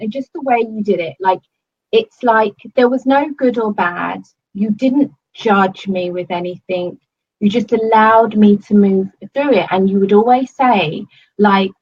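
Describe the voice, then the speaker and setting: A woman's voice: fairly high pitch, moderate pace, husky, muffled recording. A woman giving a casual testimonial to her coach, gushing and swearing often, with many fillers. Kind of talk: casual video-call testimonial.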